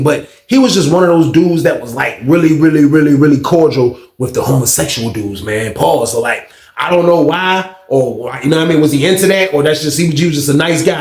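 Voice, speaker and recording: Slangy man telling a prison story, echoey. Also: a little high. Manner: rambling, street slang, frequent "you know what I mean". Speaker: storyteller recounting prison life. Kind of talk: casual first-person storytelling. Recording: roomy echo.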